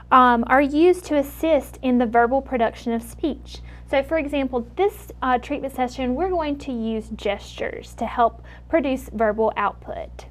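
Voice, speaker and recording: High-voiced young woman explaining therapy. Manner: clear, step-by-step, encouraging. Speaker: student speech clinician. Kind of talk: explaining and demonstrating a therapy method.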